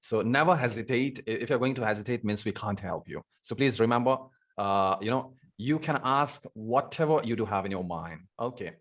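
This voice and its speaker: A man's voice: lowish voice, brisk, few pauses, a bit bright. A man teaching a live online spoken English class, talking with many fillers and repeated words over a video call.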